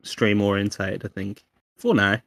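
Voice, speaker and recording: A man's voice: on the low side, steady tone, measured pace, vocal fry, a bit bright, no echo, studio quality. A British man co-hosting a casual podcast, joking and swearing, often breaking into mock voice-assistant impressions. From United Kingdom. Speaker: podcast co-host.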